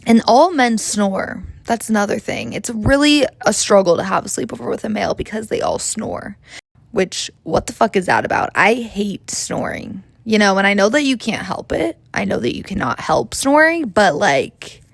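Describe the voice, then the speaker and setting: A woman's voice: medium pitch, very animated, normal speed, vocal fry, dry recording. A young woman in her twenties hosting a comedic podcast, talking in a chatty, rambling, profane and self-mocking way. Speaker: podcast host. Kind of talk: comedic casual monologue.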